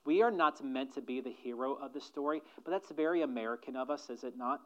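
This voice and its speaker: A man preaching a sermon as pastor, swinging from loud emphatic lines to hushed near-whispers and slowing down to stress key phrases. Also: mid-range voice. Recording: dull, muffled sermon recording.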